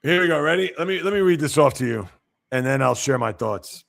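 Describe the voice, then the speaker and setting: Opinionated male sports host with gravelly voice. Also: medium pitch, expressive, a little fast, a bit bright. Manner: opinionated, reacting to viewer comments; blunt and emphatic when criticizing. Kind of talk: casual livestream sports commentary.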